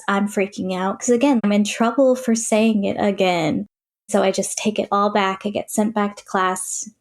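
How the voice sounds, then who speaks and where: A young woman speaks in an interview at an ordinary mid pitch. She recounts her past plainly and matter-of-factly. Her speech is loose and full of "like" fillers. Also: vocal fry, darkish tone. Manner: plain, matter-of-fact retelling with frequent "like" fillers. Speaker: interview guest. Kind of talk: personal testimony in an interview.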